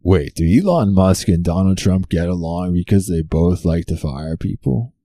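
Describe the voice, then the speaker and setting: A man's voice: low voice, animated, normal speed, mellow, no room sound, studio quality. A man hosting a comedy talk show, delivering a sarcastic topical monologue full of rhetorical questions. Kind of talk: stand-up style topical monologue.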